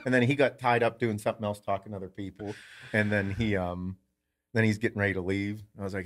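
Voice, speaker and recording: A man's voice: fairly low pitch, fairly even intonation, fast. A man co-hosting a podcast, telling a story in casual chat. He swears freely, acts out quoted lines and laughs often. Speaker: podcast co-host.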